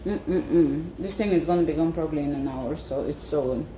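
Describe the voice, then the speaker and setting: A woman's voice: deep voice, brisk, warm tone. A woman chatting enthusiastically in a casual cooking vlog, tasting her own baking as she talks. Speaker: home baker. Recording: echoey room with faint background noise.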